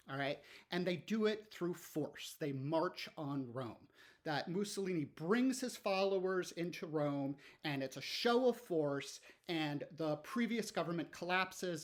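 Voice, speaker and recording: A male history teacher giving a recorded lecture in a conversational way, explaining step by step with frequent ums, "okay, so" and rhetorical questions. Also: fairly high pitch.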